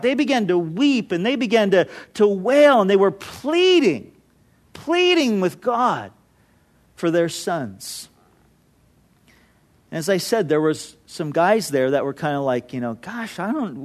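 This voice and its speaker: A man preaching an earnest, impassioned sermon, building through repeated phrases. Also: sits high. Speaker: pastor.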